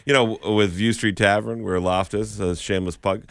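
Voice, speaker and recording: A man's voice: lowish voice, fairly even intonation, moderate pace, a bit bright, dry recording. A man co-hosting a casual radio show, cracking wry jokes and telling stories. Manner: wry, joking storyteller. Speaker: radio co-host. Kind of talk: casual banter and anecdotes.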